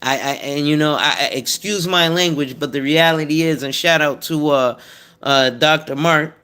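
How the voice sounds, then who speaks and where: A man's voice: fairly high pitch, normal speed, sharp tone, smooth. A man in his thirties or forties, an insurance advisor hosting, who talks bluntly and profanely in a rambling casual monologue.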